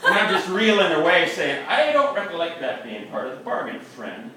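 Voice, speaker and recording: Going full character voice, the man pitches fairly high, sharp in tone, his pitch swooping wildly at a moderate pace as a boastful, folksy Wisconsin angler with an ungrammatical backwoods tall tale. It's a comic monologue at a live reading upstairs in a bar. Recorded from a distance in an echoey space, it carries slight background noise.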